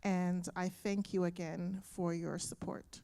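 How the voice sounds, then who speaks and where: Slow, earnest woman giving testimony. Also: on the low side, little pitch movement, mellow. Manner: earnest and grateful, moved by the memory. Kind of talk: testimony to a congregation. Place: church sanctuary.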